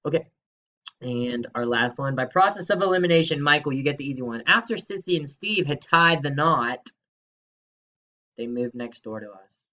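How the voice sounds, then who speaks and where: Brief: bright, upbeat young male teacher giving a remote lesson, lo-fi home mic. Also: fairly high pitch, lively intonation, normal speed. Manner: upbeat, playful, exclamatory. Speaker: third grade teacher. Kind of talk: recorded remote grammar lesson.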